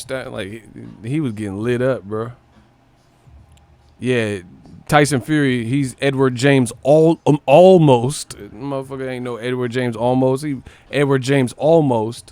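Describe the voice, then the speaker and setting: A man's voice: medium pitch, no echo. A man hosting a boxing live stream, joking and swearing casually and mimicking other people's voices.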